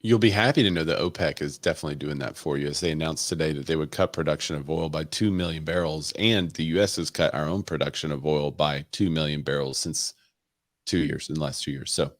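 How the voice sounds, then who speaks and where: A man's voice: rumbling low, fast talker, no echo, studio quality. A man co-hosting a casual real estate podcast, reading news and making wry, sarcastic asides. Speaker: podcast co-host.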